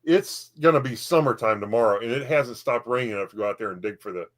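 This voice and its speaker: A man's voice: mid-range voice, fast. A man co-hosting a casual chat, hesitant and wry, often restarting his sentences. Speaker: co-host.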